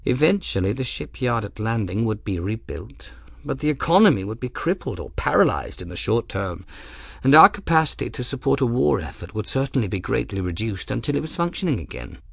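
A dignified lord, voiced by a male narrator, speaking in a low-key, patient way, each word measured. His tone rises and falls expressively over a dry, close reading. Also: sing-song, gravelly, breathy edge, no echo, full character voice. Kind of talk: audiobook character voice.

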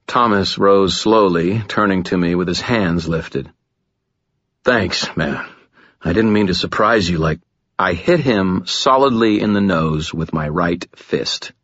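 Deep husky male audiobook narrator. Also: dry recording, lo-fi sound. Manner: gritty, dramatic, low and steady. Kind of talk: first-person audiobook narration.

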